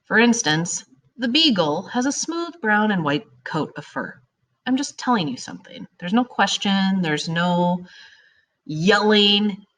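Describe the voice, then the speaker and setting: At a measured pace and medium pitch, a woman teaches grammar to children in an upbeat, animated style. She lengthens her example sentences for emphasis.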